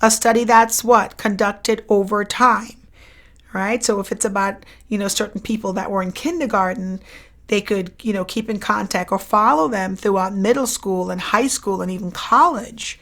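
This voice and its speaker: A woman's voice: medium pitch, steady tone, moderate pace. A woman lecturer going over exam questions, repeating each question and answer and checking in with the listener as she goes. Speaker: psychology lecturer. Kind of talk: exam review lesson.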